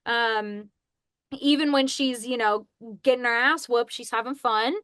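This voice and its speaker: A woman's voice: fairly high pitch, a little slow, fairly bright tone, clear, resonant tone, no room sound, studio quality. A young woman, a voice actress, chatting as a guest on a podcast in a bubbly way and laughing at herself. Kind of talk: casual podcast interview.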